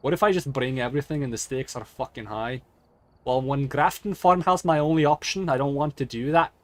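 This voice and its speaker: A man's voice: mid-range voice, brisk, no room sound, close to an everyday voice. A man doing a brash boastful ghost hunter. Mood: musing. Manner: boastful, profane and loud. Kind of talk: gaming stream commentary.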